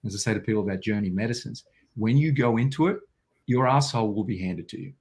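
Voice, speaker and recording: A man's voice: fairly low pitch, fast talker, darkish tone. An Australian man telling a personal story as an interview guest, vivid and intense, acting out quotes.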